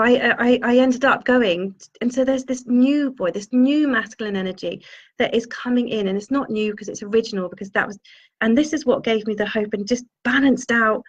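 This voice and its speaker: Woman telling a spiritual story, lo-fi. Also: a little high. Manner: meandering, searching for words. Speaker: spiritual healer and channeller. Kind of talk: personal storytelling monologue. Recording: dull lo-fi sound.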